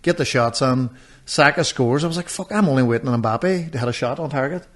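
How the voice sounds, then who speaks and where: A man's voice: mid-range voice, a little fast, fairly bright tone. A man, telling stories in a casual podcast chat and swearing freely. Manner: swears a lot, storytelling. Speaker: podcast co-host.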